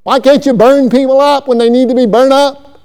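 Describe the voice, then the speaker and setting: A man voicing an angry, hotheaded male prophet who shouts his complaints at God. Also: very high-pitched, normal speed, clean tone, pitched above the performer's own voice. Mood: indignant.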